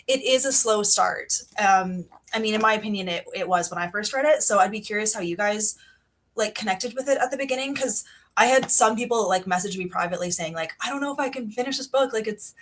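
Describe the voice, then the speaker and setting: A cheerful woman hosts a live book club stream from home. She chats casually, greets viewers one by one, and fills her pauses with ums. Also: mid-range voice. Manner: bubbly, greets commenters, many ums. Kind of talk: casual livestream chat. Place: home, sunny region of Canada.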